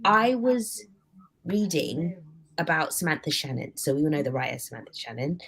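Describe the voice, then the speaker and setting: A woman's voice: deep voice, very animated, moderate pace, a bit bright. A woman co-hosting a podcast, chatting casually with rambling asides and frequent laughter. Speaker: podcast co-host. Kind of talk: casual chat.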